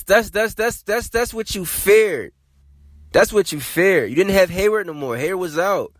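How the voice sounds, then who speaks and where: A man hosting a sports podcast, talking in a casual, animated and emphatic way, often repeating himself. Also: a little high, no room sound. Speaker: podcast host.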